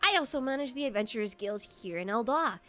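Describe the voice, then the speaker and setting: A woman voicing a motherly female tavern keeper who runs an adventurers' guild, reading game dialogue aloud in a slow put-on southern drawl. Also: fairly high pitch, expressive. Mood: warm, storytelling. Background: soft background music.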